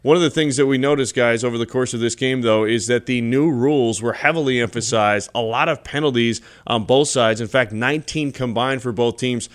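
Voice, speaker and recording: A man hosting a radio postgame football show, reading scores and stats in a brisk broadcaster's delivery. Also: mid-range voice. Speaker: play-by-play host.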